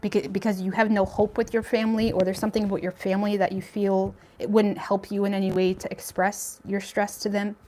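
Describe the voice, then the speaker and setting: A woman's voice: medium pitch, level tone, brisk, hardly any pauses, mellow, a little hiss or hum. A young woman giving a casual tarot reading, talking in a chatty, blunt way with lots of fillers and some swearing. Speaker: tarot reader.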